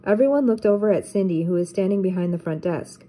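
Mellow older woman reading a storybook. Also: medium pitch, fast, rough recording. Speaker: teacher reading aloud. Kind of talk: children's book read-aloud.

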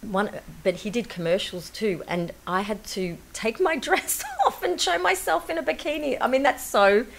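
A woman's voice: on the high side, normal speed, vocal fry, hardly any pauses. A woman, a guest on a talk show, chatting and laughing through personal anecdotes with lots of fillers. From Australia. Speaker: guest actress.

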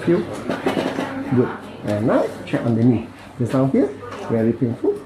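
A man's voice: medium pitch, huge pitch swings, a little slow, roomy sound, background noise. A man with a Malaysian English accent, a bone-setting practitioner, commenting while he treats a patient, counting aloud and adding playful sound effects.

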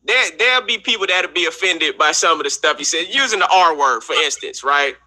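A laid-back man hosting a comedy showcase over a video call, chatting casually with performers. His voice is high and very bright, and he keeps it encouraging. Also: lively intonation, fairly quick. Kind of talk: casual chat.

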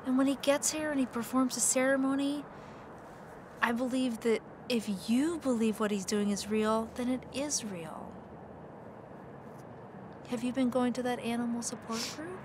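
An actress playing a calm, soft-spoken woman giving mystical advice. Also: a little high, normal speed, pauses often, background noise, close to an everyday voice.

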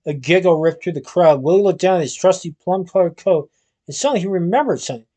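High-voiced man reading a storybook aloud. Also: fast talker. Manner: steady reading with occasional stumbles. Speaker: reader.

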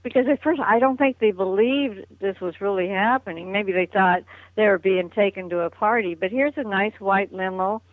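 A woman's voice: medium pitch, normal speed, no echo. An older woman reminiscing as a guest in a phone interview, chatty and laughing often. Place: at home on a phone call. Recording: tinny dry phone line.

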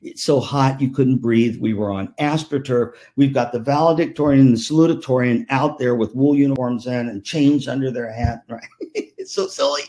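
An older man giving a keynote to music teachers, telling lively anecdotes and acting out the voices of people in them. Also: mid-range voice, normal speed. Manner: animated, acts out voices in anecdotes. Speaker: keynote speaker. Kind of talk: storytelling keynote. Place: virtual conference talk.

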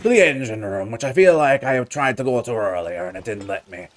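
Animated, playful gaming host man. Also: mid-range voice, a little fast, slight background noise. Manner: playful, jokey, talks to the viewer. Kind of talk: casual let's-play commentary.

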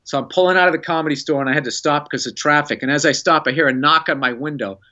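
Man, comedian, lively anecdote, bright higher voice, dull lo-fi sound. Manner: animated, laughing, fast-paced anecdote telling. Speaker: stand-up comedian. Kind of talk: storytelling.

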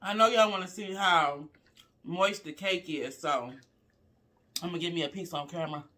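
Speaking at normal speed in a lowish voice, she eats a meal on a casual live vlog and keeps chatting to viewers she addresses as y'all. Frequent "mm" sounds mark her bites, and she talks through mouthfuls in a relaxed, chatty way.

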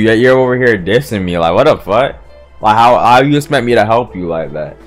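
Man, low voice, casual manga reaction, profane, excitable, stammers and restarts. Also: fairly quick, faint music behind.

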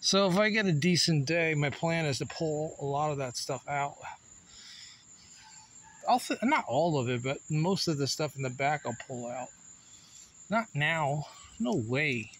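This man speaks a little high and a little slowly, with lively intonation, long pauses, and a slightly bright sound. He's casually vlogging around his home yard and house, partly outdoors, chatting rambly with viewers and teasing his dog.

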